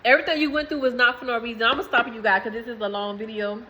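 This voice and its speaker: A woman's voice: on the high side, steady tone, racing, sharp tone, slight background noise, rough recording. A woman in giving a rambling, emphatic spiritual message to viewers, swearing freely. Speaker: spiritual reader.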